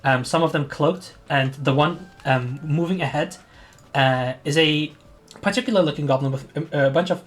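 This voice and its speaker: A man's voice: fairly high pitch, normal speed, few pauses. A man running a tabletop game as game master, narrating in a rambling way full of fillers while he searches for words.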